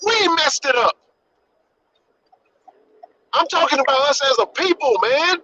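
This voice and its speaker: A man's voice: extremely high pitch, animated, unhurried, bright, forceful tone, slight background noise. Fired-up man ranting on a podcast. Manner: passionate, repetitive, swearing, preacher-like emphasis. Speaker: podcast host. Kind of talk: impassioned live-stream rant. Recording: dull lo-fi live-stream audio.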